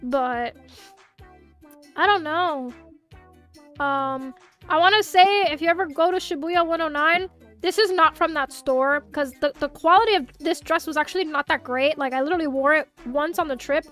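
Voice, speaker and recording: A young woman with a Miami Hispanic accent, chatting casually on a livestream, animated and swearing freely as she answers chat. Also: high-pitched, moderate pace, faint music behind. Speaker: VTuber streamer.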